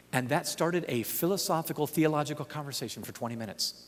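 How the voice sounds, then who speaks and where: A man speaking at a conference who tells a story in an animated, humorous way. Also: on the high side, fast talker. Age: young adult. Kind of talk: storytelling talk. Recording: long hall reverb.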